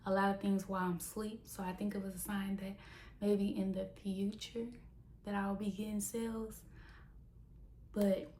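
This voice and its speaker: A young woman, a small business owner, telling a story in a casual vlog with animated, mock-dramatic flair. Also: medium pitch, a little hiss or hum. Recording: roomy echo.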